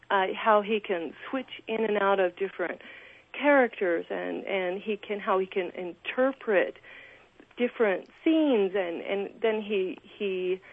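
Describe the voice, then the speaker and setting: Gushing woman on a phone line. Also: medium pitch. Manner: gushing, restarts often. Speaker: actress guest. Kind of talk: radio phone interview.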